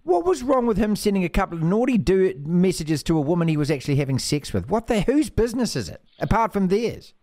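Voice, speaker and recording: A man hosting a radio show, bantering casually with a jokey, animated manner and bursts of mock outrage. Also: sits high, fast, hardly any pauses. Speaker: radio host.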